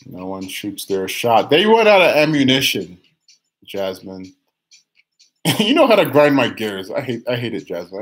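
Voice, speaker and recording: A man's voice: mid-range voice, big pitch swings. A young man giving live tarot readings on a stream, chatty and teasing, reading viewer comments aloud, often restarting his phrases. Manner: many restarts and drawn-out phrases, sometimes sings a line. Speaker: tarot reader.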